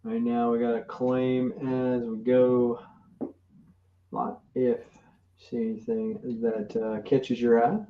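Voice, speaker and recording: A man's voice: medium pitch, flat delivery, takes it slowly. Teasing man on a muffled roomy line. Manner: teasing, joking. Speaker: co-host. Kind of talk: live-stream banter. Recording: roomy, muffled remote audio with faint hiss.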